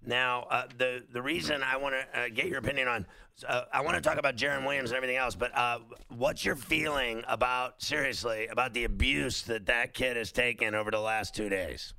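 A male sports radio host with a gravelly, very bright voice, rambling through casual banter full of fillers. The studio sound is dry and close. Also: mid-range voice, fairly quick, no room sound. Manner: animated, rambling, lots of fillers.

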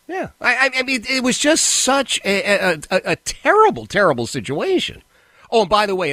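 A man hosting a talk radio show, delivering an indignant monologue. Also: dry recording. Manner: animated, indignant, pitch jumps when worked up.

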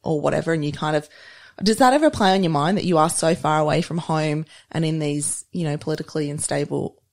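Woman host, low pitch, rambling questions, thinking aloud. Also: fairly quick. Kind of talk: interview questions.

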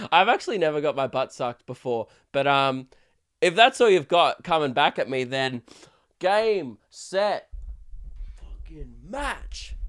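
A man's voice: on the high side, a bit bright, smooth. A young man hosting a solo podcast, rambling crudely and laughing often. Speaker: podcast host. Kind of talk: casual solo podcast rant.

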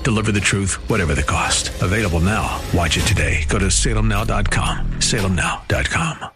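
A man's voice: deep voice, expressive, brisk, over music. A man reading a dramatic film advertisement voice-over. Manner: dramatic, punchy delivery. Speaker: ad announcer.

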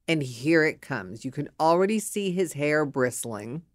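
A middle-aged woman host giving a frank monologue, candid and animated, who acts out both sides of a scene. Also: deep voice, unhurried, hardly any pauses, no echo.

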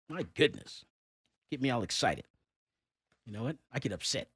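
A male radio talk host with a bright, forceful voice that swings up and down a lot as he rants. He piles on fillers and repeats himself. The sound is close and dry, with no room around it. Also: medium pitch, moderate pace, long pauses, husky, no room sound. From Texas. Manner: animated, exasperated rants with many fillers. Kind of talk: casual radio chat.

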